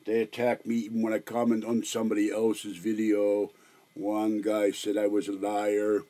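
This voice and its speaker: Older man, Pittsburgh accent, lowish voice, halting, rambling home vlog. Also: monotone, mellow. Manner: halting, meandering, many fillers and restarts. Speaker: vlogger.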